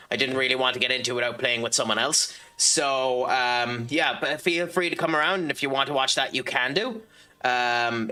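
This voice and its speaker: An Irish man streams a game, chatting casually with his viewers and reading their messages as he plays. His mid-range voice sounds pushed and bright, and he rambles with plenty of ums and restarts.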